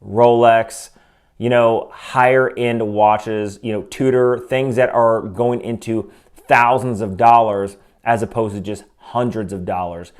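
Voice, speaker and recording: A man's voice: lowish voice, fairly even intonation, a little slow, smooth. A man giving a casual, opinionated watch review, talking conversationally with frequent asides. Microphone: desk microphone.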